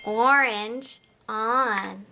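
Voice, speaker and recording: A woman's voice: a little high, very slow, very noisy. A woman hosting a toddler learning show. She talks in a playful, exaggerated way, makes animal sounds, and speaks straight to the little viewer with lots of encouragement. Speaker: children's educator host. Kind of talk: slow sing-song toddler teaching.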